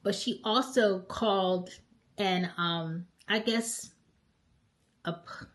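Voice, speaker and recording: A woman's voice: medium pitch, slow pace. Middle-aged woman telling a travel story. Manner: animated, emphatic retelling with frequent "okay?" check-ins. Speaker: travel vlogger. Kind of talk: casual storytelling to camera.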